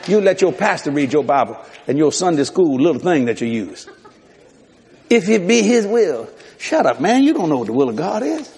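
Lively, folksy preacher man. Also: on the high side, moderate pace. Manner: animated, folksy, laughing through stories. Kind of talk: humorous storytelling sermon. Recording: reverberant hall with live audience.

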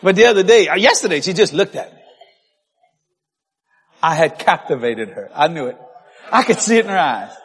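Preacher guy, husky high voice, swoops all over, shouts and laughs mid-sermon. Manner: animated, shouting, laughing, drawn-out emphasis.

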